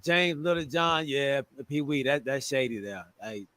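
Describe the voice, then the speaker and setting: A man hosting a casual sports podcast, greeting listeners with energetic shout-outs. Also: mid-range voice, a little slow, clear, resonant tone, dry recording. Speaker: podcast host.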